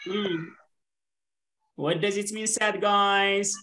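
Bright-voiced woman teaching online. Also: medium pitch, fairly even intonation, very slow. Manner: mixes English and Arabic, asks "right?" constantly. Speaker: English teacher.

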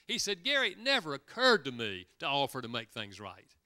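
A guest speaker preaches a sermon in church, his medium-pitched voice brisk, pushed and bright, with wildly swooping pitch. He tells stories, acting out quoted lines and sometimes repeating words as he goes.

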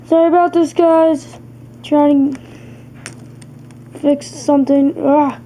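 A woman's voice: sits high, steady tone, slow pace, dark tone, slight background noise, low-quality recording. A woman casually narrating her own toy play video, with chatty, apologetic asides as she fixes and handles the toys.

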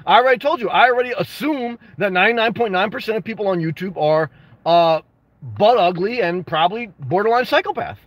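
A man hosting a casual livestream, answering viewer comments with blunt, jokey advice and bursts of excitement. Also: high voice, a little fast, no room sound, highs cut off. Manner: reads and responds to viewer comments. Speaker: livestream host answering chat.

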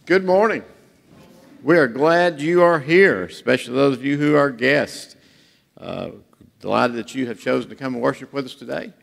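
A man's voice: medium pitch, creaky. A man preaching a sermon in a church, telling jokes and stories in a folksy way. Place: church sanctuary. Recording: reverberant church hall.

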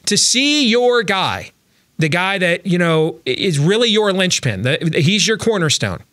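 A man's voice: sits high, big pitch swings, measured pace, fairly bright tone, no echo. A man hosting a sports talk show, chatting casually about baseball with lots of fillers and restarts.

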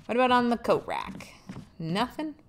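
A woman's voice: fairly high pitch, huge pitch swings, normal speed, a little hiss or hum. Young woman streaming a horror game, swears a lot, voice bounces all over, faint clicking behind. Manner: playful, swears freely, chats with viewers. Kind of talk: casual live gameplay commentary.

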